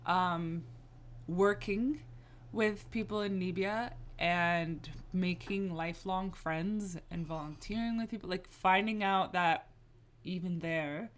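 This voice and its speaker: A young adult woman from the United States, a guest in a casual interview, talking reflectively with many fillers and growing animated when she stresses a point. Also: fairly low pitch, takes it slowly.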